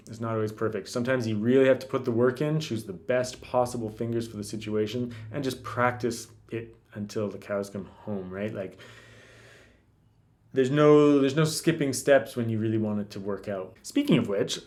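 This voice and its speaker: A man teaching classical guitar in a relaxed, casual way, thinking aloud with lots of fillers and restarts. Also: medium pitch. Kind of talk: casual instructional talk.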